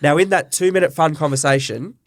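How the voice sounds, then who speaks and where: In a candid storytelling interview, an Australian butcher and business owner in middle age speaks as the guest. His voice sits a little high and runs a little fast, recorded dry and close with no echo. Earnest and emotional, he performs the dialogue he quotes.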